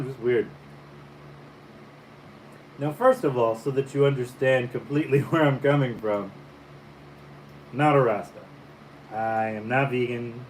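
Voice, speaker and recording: A man from the Caribbean, a painter, chatting casually over breakfast in a relaxed, musing storytelling way. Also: medium pitch, rough recording. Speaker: painter and vlogger. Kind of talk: casual breakfast vlog chat. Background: faint fan hum.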